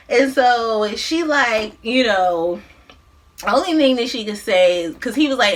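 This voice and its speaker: A woman vlogger casually recapping a movie, with animated, slangy, profane storytelling. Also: on the high side, unhurried. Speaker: mukbang vlogger.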